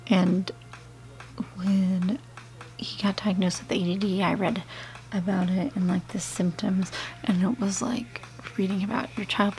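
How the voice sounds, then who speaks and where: A woman's voice: mid-range voice, darkish tone. A middle-aged woman telling a personal story in a rambling, chatty way while doing her makeup for a beauty vlog. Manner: chatty, rambling, many fillers. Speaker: beauty vlogger. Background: background music.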